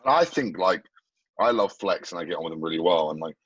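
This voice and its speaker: A man's voice: deep voice, expressive, fairly quick, fairly bright tone, husky, no room sound, highs cut off. A man hosting a podcast, chatting casually in an easygoing, agreeable way. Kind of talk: casual chat.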